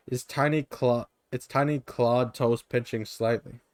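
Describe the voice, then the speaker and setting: A man's voice: mid-range voice, fairly even intonation, unhurried, a little mellow, no room sound. Brief: male streamer narrating a gamebook, mid voice, dry close sound. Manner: plain narration with offhand asides. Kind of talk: reading an interactive gamebook aloud. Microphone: streaming microphone.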